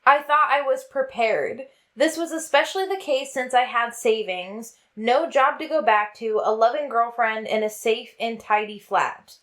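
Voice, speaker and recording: A woman's voice: on the high side, a little slow, hardly any pauses, a bit bright. A woman co-hosting a casual podcast, reading a strange first-person account aloud and laughing often between passages. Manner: giggly, reads aloud then breaks into laughter. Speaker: podcast co-host.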